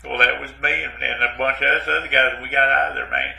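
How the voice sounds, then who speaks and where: A man's voice: mid-range voice, fairly even intonation, fast talker, vocal fry, sharp tone, roomy sound, heavily acted, low-quality recording. A man playing a rambling, self-pitying ex-Navy man who stammers and keeps saying "man" in a comic monologue. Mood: mournful. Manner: rambling, repeats "man" and "but anyway", stammers.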